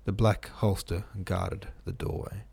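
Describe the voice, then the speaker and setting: A man reads a book aloud with deliberate pacing, stopping now and then to laugh at a misread line. His voice is low and gravelly, with a husky edge. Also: little pitch movement, a little mellow. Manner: deliberate storytelling, laughing at his own slips. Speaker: reader.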